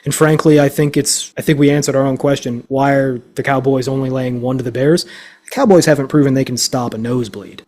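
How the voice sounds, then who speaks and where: Male co-host, mellow, emphatic and foul-mouthed, casual sports talk. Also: mid-range voice, steady tone, brisk. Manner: profane, ranting, emphatic. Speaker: podcast co-host. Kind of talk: casual sports betting chat.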